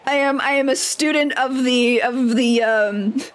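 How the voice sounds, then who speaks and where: A woman's voice: high-pitched, a little slow. A woman livestreaming a role-playing game, chatting with viewers in a rambling, profane, self-mocking way. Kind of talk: casual gameplay chat with viewers.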